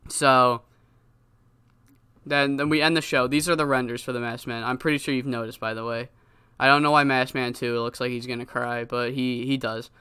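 A man's voice: mid-range voice, little pitch movement, normal speed, bright, forceful tone, clear, resonant tone, no echo. A man giving casual, rambling commentary on a wrestling game, swearing often. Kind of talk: casual let's-play commentary.

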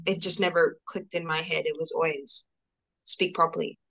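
A woman's voice: low voice, steady tone, moderate pace, a bit bright, soft background music, low-quality recording. Young woman, casual call guest, hesitant, restarts often. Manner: hesitant, many restarts and fillers. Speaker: interview guest. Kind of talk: casual video-call conversation.

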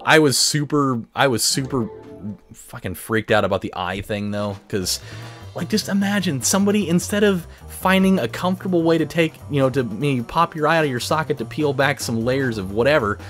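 A man's voice: medium pitch, normal speed, fairly bright tone. A man hosting a let's play, telling a long story in a rambling way, full of fillers and profanity. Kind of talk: casual gameplay commentary, telling a story. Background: racing game music and engine sounds.

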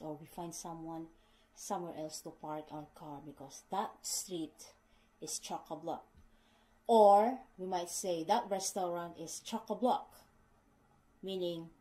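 Slow, mellow-voiced woman explaining slang. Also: lowish voice, poor audio. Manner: unhurried, repeats explanations, addresses viewers as guys; non-native English phrasing. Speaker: vlogger teaching British slang. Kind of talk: casual spoken explainer.

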